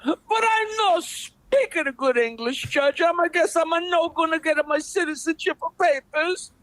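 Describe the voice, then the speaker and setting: A man's voice: very high voice, normal speed, fairly bright tone, no room sound, pitched above the performer's own voice, poor audio. A man putting on a pleading immigrant. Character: pleading male immigrant in broken English.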